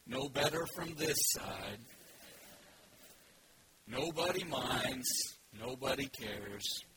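A man voicing Eeyore, a gloomy old gray male donkey, in a slow, mournful, resigned way. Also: medium pitch, lively intonation, full character voice, rough recording. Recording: loud background noise.

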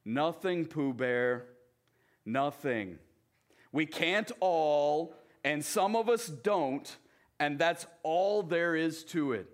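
A man voicing a gloomy, self-pitying old gray male donkey from a storybook, with a slow, mournful drawl. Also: fairly high pitch, animated.

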